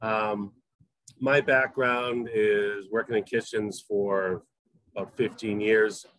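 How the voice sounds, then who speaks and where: A middle-aged man with a faint Southern accent talks casually about his work as a chef, rambling and restarting his sentences. His voice sits a little low, and the sound is dry and close. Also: a bit bright, no room sound, poor audio. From Massachusetts. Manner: rambling, many fillers and restarts. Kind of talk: casual interview chat.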